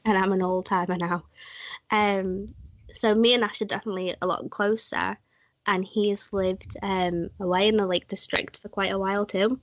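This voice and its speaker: A woman's voice: mid-range voice, fairly even intonation, normal speed, no echo. A young woman, co-hosting a podcast and chatting, often acting out quoted dialogue. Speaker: podcast co-host. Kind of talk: casual chat, trip storytelling. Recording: dry, slightly muffled podcast audio.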